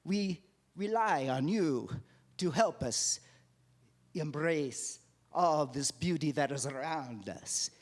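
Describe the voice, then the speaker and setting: A man's voice: a little high, slow pace. A man playing a jolly Italian man with a put-on Italian accent, theatrical and sprinkling in Italian words as he invites a congregation to a party. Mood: exuberant. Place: church sanctuary.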